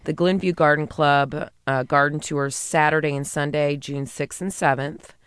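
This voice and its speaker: A slightly hoarse woman co-hosting a garden talk show, telling stories in a lively, chatty way. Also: sits low, normal speed, no room sound. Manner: lively storyteller. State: a little hoarse. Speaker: radio garden show co-host. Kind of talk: casual chat.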